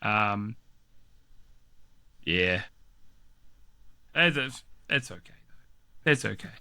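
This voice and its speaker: A man's voice: fairly low pitch, lively intonation, extremely slow, vocal fry, bright, forceful tone, clean tone. A man chatting casually as a podcast co-host, swearing freely, laughing often and restarting his sentences. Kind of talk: casual chat.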